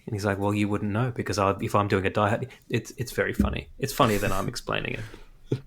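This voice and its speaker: A man's voice: on the low side, fairly even intonation, fast, vocal fry, fairly bright tone. A man co-hosting a casual podcast chat, making wry jokey asides. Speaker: podcast co-host.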